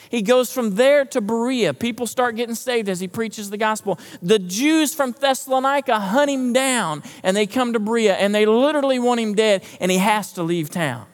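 Guy preaching, kinda high voice, keeps asking the room stuff, echoey hall. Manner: conversational, quizzes the congregation, repeats words. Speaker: pastor. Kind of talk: sermon. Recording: echoey hall, long reverb.

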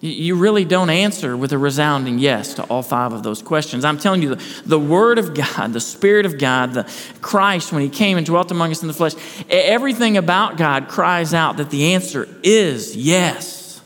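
A pastor preaches to his congregation in an earnest, searching way, often circling back on a word before pressing on. His voice sits a little higher than most men's. The sanctuary rings with a long reverb around him. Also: lively intonation, moderate pace, fairly bright tone. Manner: earnest preaching with repeated restarts, rhetorical questions. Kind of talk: sermon. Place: church sanctuary.

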